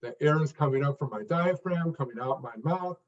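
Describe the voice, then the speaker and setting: A man's voice: on the high side, fairly quick, recorded from a distance, highs cut off. A man giving an interview answer as a speech coach, talking in short emphasized phrases with frequent restarts.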